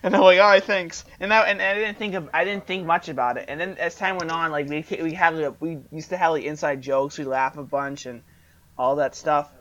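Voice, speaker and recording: Young man telling an animated story. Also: a little high, fairly quick. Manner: animated storyteller, acts out dialogue. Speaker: podcast co-host. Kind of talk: casual chat. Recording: dull lo-fi podcast audio.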